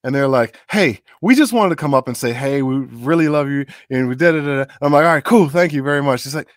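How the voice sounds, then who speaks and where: In a relaxed interview, a middle-aged voice actor guest talks fast in a medium-pitched voice, spinning lively stories and imitating everyone he quotes. The studio-quality recording has no echo.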